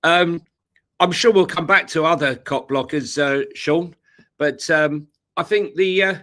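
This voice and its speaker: A man's voice: fairly high pitch, a little slow, sharp tone. A man co-hosting a live football podcast, talking casually with lots of fillers and restarts. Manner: hesitant, many fillers and restarts. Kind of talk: casual live-stream chat.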